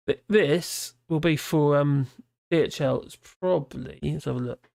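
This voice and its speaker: Tired host of a live stream, gravelly and mumbling, on a dry close mic. Casual and rambling, with halting restarts. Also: mid-range voice, a little mellow, no room sound. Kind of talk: casual live stream commentary reading out chat.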